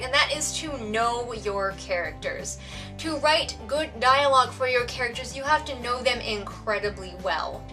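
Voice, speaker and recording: A chatty woman talks straight to camera, sharing writing tips in a casual vlog. Her higher voice is bright and forward, and she leans into words with playful emphasis. The mic sits a little distant, with soft music under her. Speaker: author giving writing tips.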